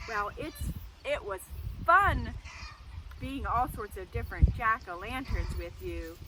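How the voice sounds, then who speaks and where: High, lively children's librarian woman. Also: a little slow. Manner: animated, sing-song, talks to kids and goats. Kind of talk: children's lesson with goats. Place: outdoor goat yard. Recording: noisy outdoor goat yard.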